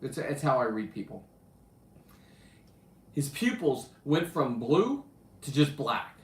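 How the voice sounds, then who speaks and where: In casual, profane storytelling, a male show host brags about diving, his delivery lurching from loud outbursts to mutters. His mid-range voice swings widely in pitch as he takes it slowly, and the sound is reverberant.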